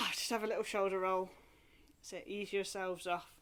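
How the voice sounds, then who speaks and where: A woman leading a remote singing lesson from home, talking in a gentle, encouraging, chatty way with playful asides. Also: mid-range voice, steady tone, unhurried, slight background noise. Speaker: singing group leader. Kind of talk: friendly remote group singing and movement lesson.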